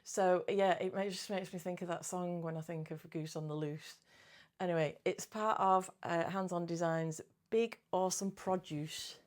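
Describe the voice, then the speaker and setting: A woman's voice: lowish voice, steady tone, normal speed. A middle-aged woman chatting casually about her cross-stitch projects, giggly and often correcting her own words. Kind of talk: casual chat.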